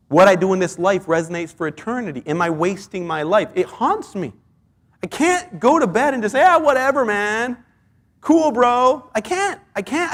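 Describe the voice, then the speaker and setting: An earnest male pastor delivering a sermon and pressing his listeners with rhetorical questions. His voice sits high for a man.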